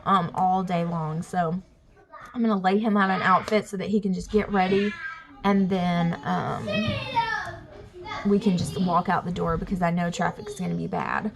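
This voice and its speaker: A woman's voice: fairly low pitch, fairly even intonation, moderate pace, creaky, noisy background. A young woman with a Southern Alabama accent, chatting casually to her vlog camera at home with lots of fillers. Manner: chatty, rambling, says y'all and like a lot. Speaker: family vlogger. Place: home, near kids in the bath.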